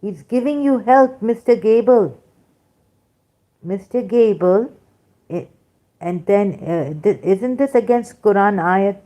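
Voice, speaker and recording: A woman's voice: mid-range voice, takes it slowly, long pauses, highs cut off. A middle-aged woman hosting a livestream, talking casually to her chat in an emphatic way with many fillers. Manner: animated, emphatic, frequent fillers. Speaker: livestream host reading chat.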